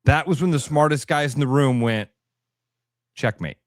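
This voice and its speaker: A man's voice: on the high side, a little fast, dry recording, clean studio sound. A man co-hosting a radio show in casual chat, emotional and rambling, often restarting his sentences. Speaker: radio co-host. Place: radio studio.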